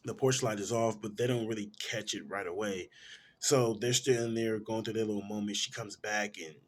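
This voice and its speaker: A man reviewing films, retelling a movie's plot in a casual, animated way full of slang. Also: fairly low pitch, moderate pace. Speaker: film reviewer.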